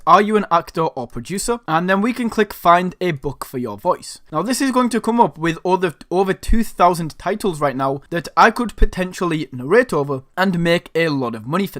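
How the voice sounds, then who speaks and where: A man's voice: sits high, bright, forceful tone, no room sound, studio quality. A man from Northern England with a Northern English accent, walking viewers through a screen-share tutorial in an upbeat, chatty way. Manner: upbeat, chatty, keeps addressing viewers as guys. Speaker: online side-hustle tutorial host.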